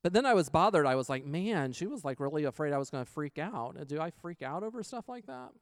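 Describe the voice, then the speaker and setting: A man's voice: on the high side, very animated, quick pace, no echo, studio quality. A man with a casual, chatty manner, telling a personal story full of quoted back-and-forth dialogue and reflecting on faith.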